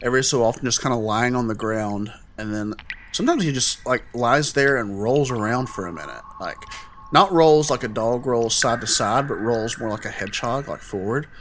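A man's voice: mid-range voice, expressive, normal speed, fairly bright tone. Guy game-mastering a tabletop game, rambly, lots of likes, little bit of noise behind. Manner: loose, rambling description with many fillers.

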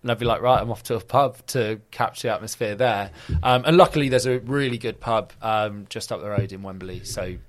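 A young man chatting casually as a podcast guest, telling lively anecdotes and acting out other people's voices in quotes. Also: fairly low pitch, a little fast, few pauses. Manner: animated storyteller acting out quoted voices, filler-heavy. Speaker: guest, football video presenter. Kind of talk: casual interview chat.

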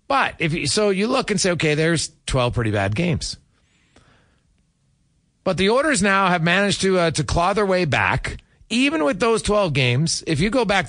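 A man's voice: on the high side, a bit bright, no room sound, studio quality. A middle-aged man hosting a sports radio show, talking casually and candidly with plenty of fillers and restarts.

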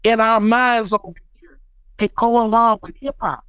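An American man, a beatmaker guest on a podcast, telling stories in an animated, emphatic way. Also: high-pitched, normal speed, clear, resonant tone, no room sound, poor audio. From United States. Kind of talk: casual podcast chat.

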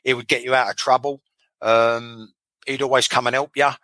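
A man's voice: medium pitch, level tone, normal speed, sharp tone, dry recording, poor audio. A man, a former footballer telling blunt, sweary stories in a casual interview, often repeating himself.

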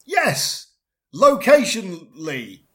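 A man, chatting in a deadpan comedy double act, pedantic and self-assured, rambling with restarts. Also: high voice, takes it slowly.

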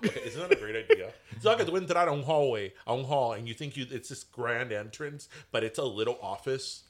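A man hosting a casual podcast, excitable and laughing often, slipping into Spanish. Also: medium pitch, a little fast. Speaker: podcast host. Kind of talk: casual chat.

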